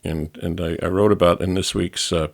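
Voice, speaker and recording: A man with a very low voice tells stories in a relaxed chat on a studio podcast. His voice has a rough, gravelly fry to it. He rambles, starts over and corrects himself mid-sentence. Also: moderate pace. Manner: rambling storyteller, restarts and self-corrections. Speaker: podcast co-host back from travel. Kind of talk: casual chat.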